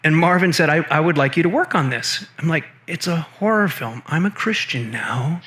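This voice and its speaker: Animated storytelling man, slightly high voice. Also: moderate pace. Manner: animated, acts out quoted voices. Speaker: guest, film producer and assistant director. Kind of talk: storytelling interview talk.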